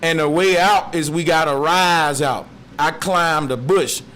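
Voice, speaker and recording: A man's voice: fairly high pitch, unhurried, fairly bright tone. A man voicing an earnest restless rat. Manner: earnest, pleading street talk. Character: restless male rat urging escape from the maze.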